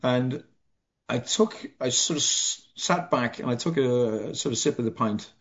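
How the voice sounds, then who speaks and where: Middle-aged Irish man, mid-pitched, reflective storyteller with wry humor; slightly dull lo-fi recording. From Ireland. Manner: reflective, halting, self-deprecating humor. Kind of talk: personal story in conversation.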